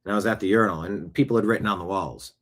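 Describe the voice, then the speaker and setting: A show host delivers a casual storytelling monologue, chatting animatedly about personal experiences. His voice is low, very fast, and slightly bright.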